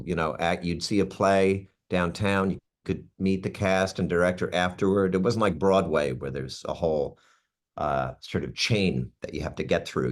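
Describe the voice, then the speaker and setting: A man in his sixties, an actor, chatting in an interview, telling stories with asides and restarts. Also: deep voice. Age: 60s. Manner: animated storyteller with asides and restarts. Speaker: actor guest. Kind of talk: casual interview chat.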